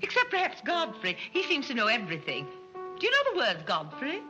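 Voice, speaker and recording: An actress playing a flighty, scatterbrained rich matron who rambles giddily in 1930s screwball film style. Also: female voice, fairly high pitch, wildly swooping pitch, brisk. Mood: giddy. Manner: giddy, rambling, airheaded chatter. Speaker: scatterbrained society mother. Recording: muffled 1930s film soundtrack with music.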